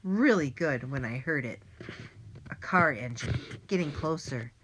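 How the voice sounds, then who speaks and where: Low-voiced woman narrating a children's audiobook. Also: expressive, a little slow, fairly bright tone, a little hiss or hum. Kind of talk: first-person audiobook narration.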